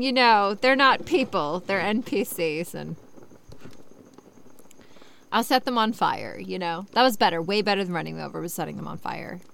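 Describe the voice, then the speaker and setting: Her voice is mid-range, creaky, clear, and resonant. This young online reader and commentator works through a story out loud, interrupting herself with sarcastic, profane tirades that erupt loudly in bursts.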